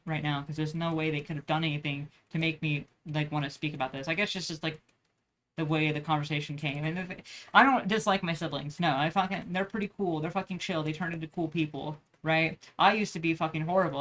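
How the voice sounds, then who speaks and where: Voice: medium pitch, fairly bright tone. Young vlogger, loose rambling chat while drawing, swears a lot. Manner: rambling, profane, many restarts.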